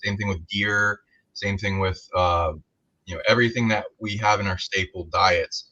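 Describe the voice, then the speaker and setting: A man's voice: lowish voice, steady tone, normal speed, pushed and bright, lo-fi sound. A man on a livestream panel who rambles with many fillers as he talks through ideas. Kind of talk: casual panel talk.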